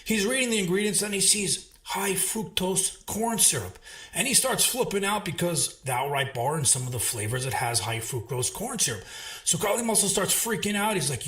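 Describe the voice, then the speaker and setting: A man narrating a recap of online drama in a lively mocking tone. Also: sits high, moderate pace, echoey room.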